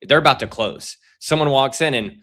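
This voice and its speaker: A man's voice: medium pitch, normal speed, fairly bright tone. A man co-hosting a talk show, chatting casually and easygoing. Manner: easygoing, laughs along. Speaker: show co-host. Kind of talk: casual chat.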